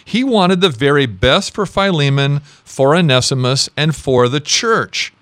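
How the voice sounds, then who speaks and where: A man pastor preaching a sermon, asking the congregation questions and moving between quick and slow, emphatic phrasing. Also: on the high side, lively intonation, fairly bright tone, no echo.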